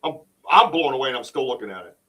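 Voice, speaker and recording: A man hosting a casual podcast livestream about Bigfoot research, talking in an excitable, rambling way with many restarts. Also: medium pitch, quick pace, recorded from a distance, low-quality recording.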